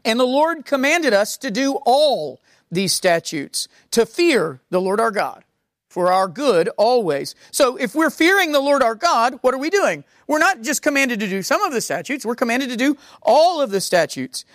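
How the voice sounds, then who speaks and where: A woman preaching a sermon, reading scripture slowly and repeating key words for emphasis. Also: a little high, big pitch swings, no echo, studio quality.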